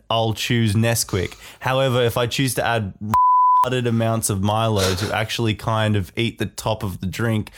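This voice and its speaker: A man co-hosting a casual podcast, reading listener reviews aloud and laughing often. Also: fairly low pitch. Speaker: podcast co-host. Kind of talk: casual chat.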